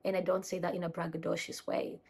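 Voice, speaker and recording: A woman's voice: fairly low pitch, level tone, fast talker, vocal fry, a little mellow, breathy edge. Chatty young Kenyan-raised woman vlogging. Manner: chatty, self-correcting, talks to viewers. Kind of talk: casual rambling chat to camera. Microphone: phone camera.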